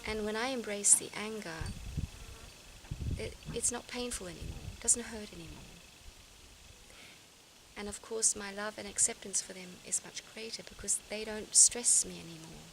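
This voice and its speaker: A woman vlogger reflects aloud to her audience, earnest and searching, with many restarted sentences. She has a gravelly, mid-range voice at normal speed, and outdoor sounds can be heard behind her.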